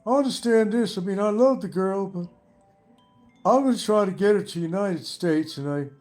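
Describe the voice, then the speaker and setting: Man imitating a whiny male streamer, high-pitched, pleading, rambling. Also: normal speed, darkish tone, faint music behind, natural voice. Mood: mocking whine.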